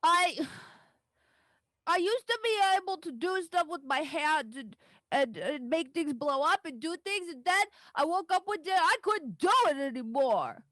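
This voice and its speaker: Lady doing a pouty kid girl in a dnd game, high voice, whiny and indignant, stops and starts a lot. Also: lively intonation, a little slow, fairly bright tone, no room sound. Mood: sulky, indignant. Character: sulky young girl who lost her magic.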